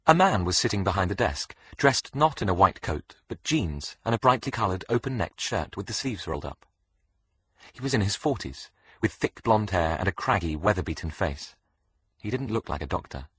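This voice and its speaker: A man reading a thriller audiobook in a steady, measured narration. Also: low voice, breathy edge, no room sound. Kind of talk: scripted narration.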